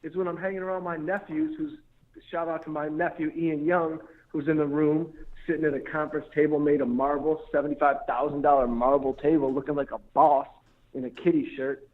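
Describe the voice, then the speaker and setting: A man hosting a casual talk show, rambling through stories and giving shout-outs to friends. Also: fairly high pitch, level tone, fairly quick. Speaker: host. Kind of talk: casual chat. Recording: tinny phone-like sound.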